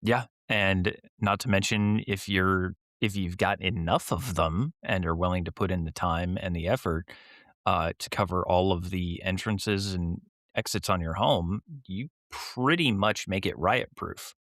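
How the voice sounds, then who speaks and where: A man's voice: deep voice, unhurried, a bit bright, no echo, studio quality. A man co-hosting a podcast in casual, easygoing chat. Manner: easygoing, laughs along. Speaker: podcast co-host.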